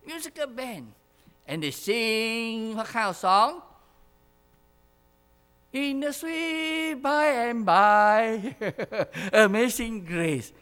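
A male preacher delivers a sermon at an unhurried pace with a lively, rising and falling pitch. He keeps asking the congregation questions, repeats key phrases and chuckles between points. A long reverb from the church hall trails every word.

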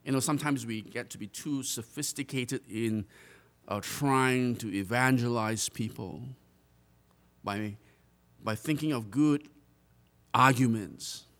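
This pastor has a medium-pitched, slightly bright voice and speaks slowly with frequent pauses. Earnestly preaching to his congregation, he draws out key phrases for emphasis and often starts his sentences over.

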